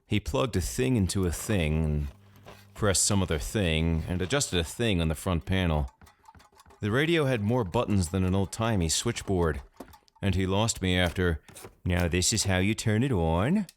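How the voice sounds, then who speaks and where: Deep-voiced man narrating a horror story. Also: lively intonation, moderate pace, slight background noise. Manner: dry, sardonic first-person telling.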